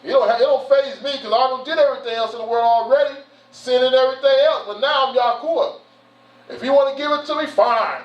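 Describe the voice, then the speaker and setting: Speaking fast in a very high-pitched voice, this man plays a church elder delivering a casual, folksy talk in a church hall, often repeating himself and dropping "you know" and "man." Audio is distant and dull, with a roomy feel.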